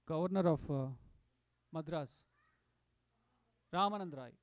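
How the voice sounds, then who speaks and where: Animated man telling sacred stories. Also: a little high, unhurried, no echo, muffled recording. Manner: animated, acts out quotes, many fillers and restarts. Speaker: satsang speaker. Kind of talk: devotional storytelling talk.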